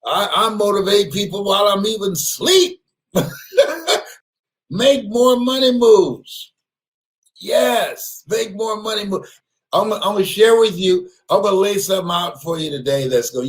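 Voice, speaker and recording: A man giving an animated motivational speech, often laughing, repeating words and bursting into shouts. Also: sits high, moderate pace. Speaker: motivational speaker.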